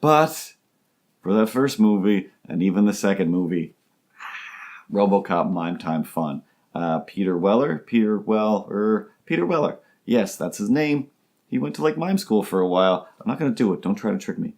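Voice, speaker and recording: A man's voice: on the low side, lively intonation, normal speed, darkish tone. A man hosting a comedy podcast alone, talking in a rambling, goofy way that keeps interrupting itself. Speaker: host. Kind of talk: comedic solo podcast monologue.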